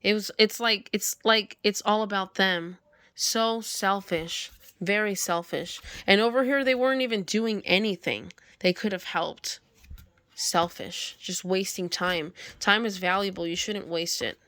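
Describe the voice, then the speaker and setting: A woman with a medium-pitched, slightly bright voice reads a picture book aloud at an unhurried pace on a dry recording. She keeps stopping to comment and talk back to the story, scolding the animal characters.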